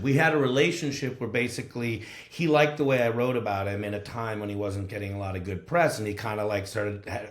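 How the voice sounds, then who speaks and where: A man from Los Angeles, a guest musician, telling rambling road stories casually and swearing freely. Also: lowish voice. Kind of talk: casual storytelling. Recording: roomy echo.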